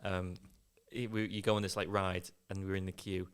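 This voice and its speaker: A man's voice: sits low, little pitch movement, a little fast, smooth. A man hosting a comedy podcast, telling an improvised story with stumbles and repeated words. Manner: rambling, stumbling over repeated words, laughing at own bits.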